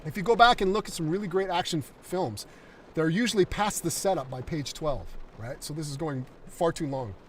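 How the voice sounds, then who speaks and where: An enthusiastic man chats through his script on a livestream, rambling and full of fillers. His voice is a little high and set back from the microphone, with faint background noise. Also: fairly quick, far from the mic. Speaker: concept artist and screenwriter. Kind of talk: livestream talk, reading a draft script.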